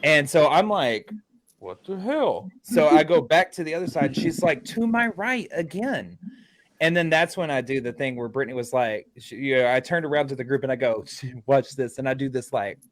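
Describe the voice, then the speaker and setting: A man's voice: mid-range voice, brisk, few pauses. A man with a mid-range voice telling a ghost-hunt story on a podcast. He talks casually and animatedly and acts out the lines of the people in the story. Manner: animated retelling, acting out quotes. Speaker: paranormal investigator.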